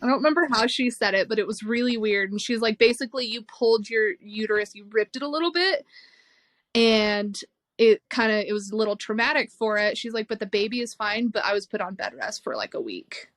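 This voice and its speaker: On a podcast, a young woman tells a frank, emotional story from her life, swearing liberally and laughing in between the tough bits. Her voice runs high, expressive and fairly bright, moving fairly quickly with no echo.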